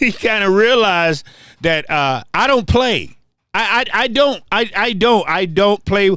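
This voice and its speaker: A man's voice: high voice, bright, forceful tone, clean tone, dry recording, clean studio sound. An older man hosting a livestream, ranting casually and trash-talking viewers, often repeating his words. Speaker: livestream host.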